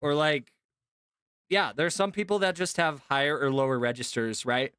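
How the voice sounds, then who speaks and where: A man streaming casually to his chat, talking in an animated, chatty way with lots of fillers and laughs. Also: a little high, normal speed, clear, resonant tone, no echo, clean studio sound. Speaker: streamer and voice actor.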